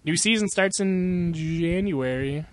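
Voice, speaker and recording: A young man co-hosts a podcast, rambling and swearing in casual chat, laughing a lot and acting out quotes. His voice is high and he takes his time, recorded dry.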